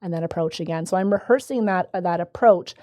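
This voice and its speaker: Woman, lowish voice, dog trainer, practical step-by-step talk, dry close mic. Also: fast, warm tone, no room sound. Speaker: podcast co-host, dog trainer. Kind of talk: casual conversational podcast.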